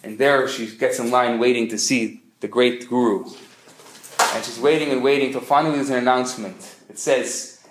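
Animated rabbi telling jokes in a lecture. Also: male voice, medium pitch, a little hiss or hum. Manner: animated storyteller, quick joke delivery. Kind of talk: humorous lecture. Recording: echoey room.

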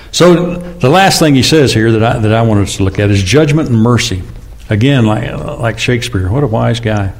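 A man in his sixties preaching a conversational sermon, often asking the congregation questions and acting out quoted speakers in louder, higher bursts. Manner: chatty, asks the congregation questions, acts out God and James. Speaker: pastor.

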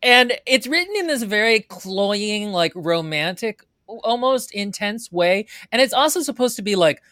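A woman co-hosting a book club podcast, talking casually in a blunt, wry manner with quick jokes. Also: medium pitch, lively intonation, fairly bright tone, no room sound, studio quality.

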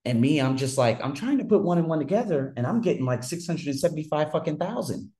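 A man's voice: on the high side, lively intonation, fast talker, dark tone. A man telling a personal story in a casual monologue, ranting heatedly and swearing often. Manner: heated, profane ranting with frequent restarts.

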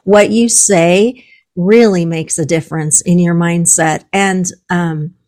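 Upbeat woman hosting her podcast, kinda low voice, cheering her guest on. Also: steady tone, slow, darkish tone. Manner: enthusiastic, encouraging. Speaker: podcast host. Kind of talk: podcast interview.

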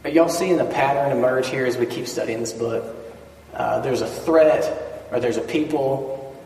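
Male pastor, mid-pitched, preaching plainly with scripture and asides; long reverb, distant mic. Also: normal speed, a little mellow. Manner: conversational preaching with asides between scripture readings. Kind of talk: sermon. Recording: echoey hall, mic at a distance.

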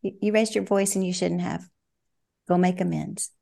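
An older woman, a parenting coach, giving reflective, measured answers in a podcast interview, often saying "you know". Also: fairly low pitch, fairly even intonation, creaky, mellow.

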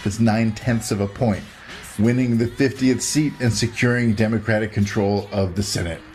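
A man's voice: on the low side, steady tone, moderate pace, a little mellow, faint music behind. Emotional man recapping election wins. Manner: emotional, laughing, enthusiastic. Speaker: moderator and host. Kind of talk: scripted recap then casual introduction.

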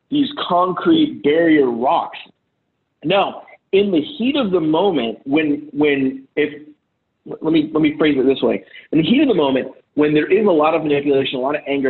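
A man coaching on relationships over a video call, blunt and profane, often acting out the voices he quotes. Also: on the high side. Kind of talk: casual advice talk on a call. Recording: tinny phone-like call audio.

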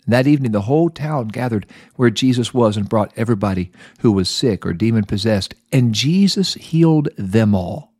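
A man's voice: medium pitch, darkish tone, slightly rough, dry recording, studio quality. Folksy man retelling a Bible story. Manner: folksy, playful asides. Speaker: Bible lesson podcast host.

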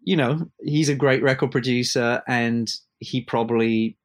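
A man chatting casually as a musician guest in an interview, starting and restarting sentences as he tells animated stories. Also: mid-range voice. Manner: halting, many restarts, animated storyteller.

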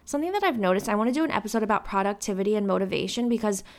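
A woman's voice: mid-range voice, animated, very fast. A woman in her twenties hosting her own podcast, rambling in a casual, upbeat way with lots of fillers. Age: 20s. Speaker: podcast host. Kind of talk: casual solo podcast talk.

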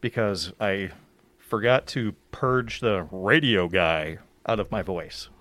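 A man with a somewhat low voice talks casually on a podcast about narrating an audiobook. He is blunt and swears freely. His voice sounds dry and close, with no room around it. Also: slow, a bit bright, dry recording. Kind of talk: casual chat.

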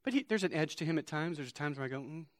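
A man preaching a sermon as a pastor, moving between loud, shouted passages and quiet storytelling. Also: a little high, lively intonation, fast, dry recording, studio quality.

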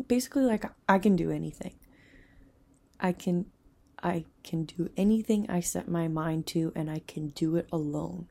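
A young woman hosting a self-help talk, earnest and rambling, sometimes dropping into soft whispers. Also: fairly low pitch, fairly even intonation, moderate pace, gravelly. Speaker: self-help podcast host. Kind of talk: casual motivational talk.

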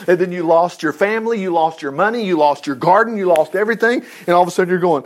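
A man's voice: high-pitched, fast. A man leading an informal Bible study, reading scripture aloud, joking and acting out the quotes in a folksy way.

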